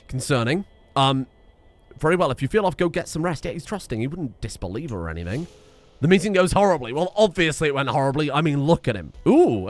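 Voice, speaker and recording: A man giving casual commentary while playing a strategy game, rambling with wry, self-deprecating asides. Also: mid-range voice. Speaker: video game streamer. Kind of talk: casual let's-play commentary.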